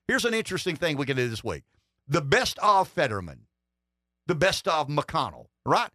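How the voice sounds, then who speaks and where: Bright-voiced rambling male radio host. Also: a little high, big pitch swings, moderate pace, dry recording, clean studio sound. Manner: rambling, wry, with many restarts. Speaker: radio talk show host. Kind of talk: political talk radio chat. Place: radio studio.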